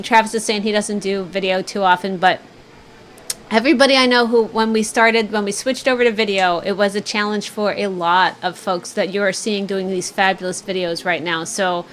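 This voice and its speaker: A woman's voice: medium pitch, a little hiss or hum. A woman co-hosting a casual livestream chat, easygoing and laughing often. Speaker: co-host.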